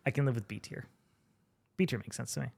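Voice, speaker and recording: A man's voice: medium pitch, fast, vocal fry, darkish tone. A man co-hosting a casual gaming podcast, laid-back and dry, giving understated takes. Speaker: podcast co-host.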